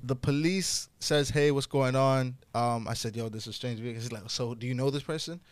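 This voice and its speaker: Animated young man from telling a story. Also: fast, no echo. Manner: animated, swears freely, gets loud and high when excited. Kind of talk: casual podcast storytelling.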